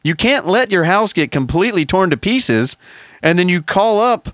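A man's voice: high voice, sing-song, moderate pace, fairly bright tone, no room sound, studio quality. A man co-hosting a podcast, ranting heatedly with profanity and sarcastic put-on quotes. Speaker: podcast co-host. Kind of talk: casual podcast rant.

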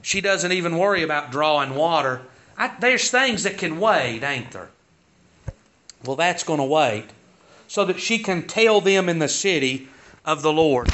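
A man's voice: on the high side, lively intonation, a little slow, pushed and bright, muffled recording, slight background noise. A man preaching a sermon in a folksy style, asking the congregation pointed rhetorical questions. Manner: folksy, rhetorical questions, rising to emphatic peaks.

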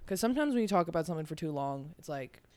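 A woman's voice: low voice, expressive, racing, a little mellow. A young woman hosting a podcast in a casual chat, chatty and full of fillers. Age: young adult. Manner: chatty, filler-heavy, laughs often. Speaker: podcast host.

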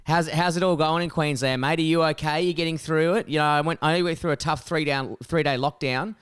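A man's voice: a little high, fairly even intonation, a little fast, a bit bright, clear, resonant tone. A young Australian man co-hosting a podcast, brash and teasing with lots of swearing. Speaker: podcast co-host. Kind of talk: casual podcast banter.

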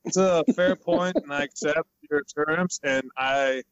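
A man's voice: on the high side, a little slow, smooth, dry recording, muffled recording. Joking, mock-formal man. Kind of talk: casual banter among friends.

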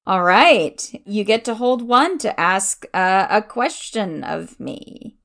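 Woman game master, gravelly creaky voice, slow careful explaining. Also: mid-range voice, sing-song, a bit bright. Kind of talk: running a tabletop game.

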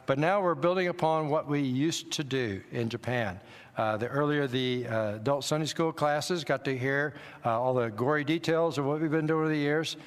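An older man speaking from a church platform, telling wry, self-deprecating missionary stories in a relaxed, anecdotal way. His voice sits at an ordinary middle pitch. It rings out with a long hall echo. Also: clean tone. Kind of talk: church talk with personal stories. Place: church sanctuary.

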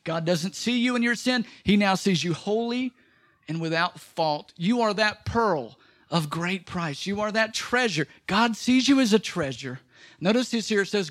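Pastor, male, high voice, animated sermon delivery with big dynamic swings. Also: moderate pace. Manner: animated, swings from loud exclaiming to soft emphatic lines. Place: church.

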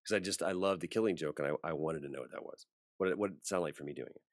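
Deep-voiced man telling a story. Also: very fast, no room sound, clean studio sound. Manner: animated storyteller acting out quoted voices. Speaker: voice actor guest. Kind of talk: casual interview storytelling.

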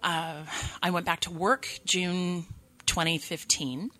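Woman in her thirties, from California, recovery share. Low, sharp voice, candid and self-mocking. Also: fairly even intonation, slow. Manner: candid, self-deprecating humor. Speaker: speaker at a recovery meeting. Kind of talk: personal recovery testimony.

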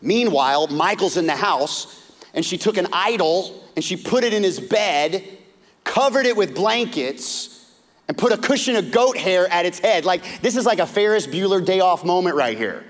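A man preaching, his voice sitting a little higher than most men's, swinging from hushed asides to excited bursts as he retells a story. The sound carries a long reverb, as in a large hall. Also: moderate pace. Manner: animated storytelling, acting out characters with big pitch swings. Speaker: pastor. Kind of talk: sermon.

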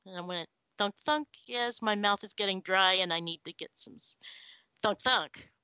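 A woman's voice: mid-range voice, normal speed, sharp tone, clear, resonant tone, dry recording, highs cut off. A woman telling a personal story at a story night, dramatic and self-mocking, acting out the sounds she heard. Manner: dramatic, mimics sounds, self-deprecating humor. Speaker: guest storyteller. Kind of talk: casual storytelling chat.

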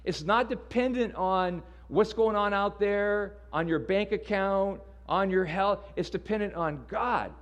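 A man's voice: high voice, unhurried, few pauses. A man preaching a sermon in a casual, conversational way, often repeating words as he restarts. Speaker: pastor.

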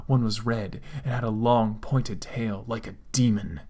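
A man dramatically reading fan fiction aloud, with deadpan asides. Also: on the low side, unhurried. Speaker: comedic fanfic reader.

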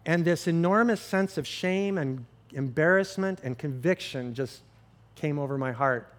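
A man's voice: fairly high pitch, a little slow. Candid storytelling male pastor. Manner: candid storytelling with self-deprecating humor. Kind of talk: sermon.

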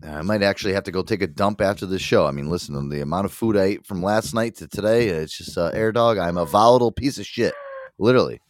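A man with a low voice hosts a podcast, talking fast in casual, rambling chat. He's crude, swears freely, and laughs often.

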